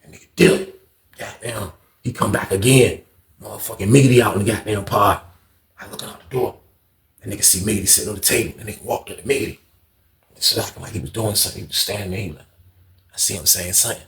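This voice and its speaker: A man's voice: lowish voice, quick pace, creaky, pauses often, roomy sound. A man telling a prison story in casual, profane storytime style, acting out what others said. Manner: animated, profane, acts out other people's lines. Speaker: storyteller, channel host.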